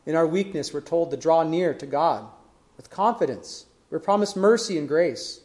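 A man's voice: fairly high pitch, animated, moderate pace, a little mellow. A man preaching a sermon in an earnest way, building emphasis through questions. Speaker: pastor.

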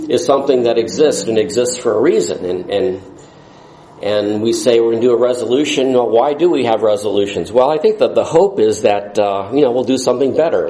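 A man's voice: mid-range voice, warm tone, reverberant, rough recording. A man preaching a sermon in a folksy, rambling way, with jokes along the way.

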